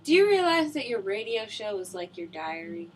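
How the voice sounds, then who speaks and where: A woman's voice: medium pitch, big pitch swings, normal speed, a little hiss or hum. Dry, sarcastic young woman. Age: young adult. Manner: dry, sarcastic, short replies. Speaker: student guest. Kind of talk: late-night casual radio chat.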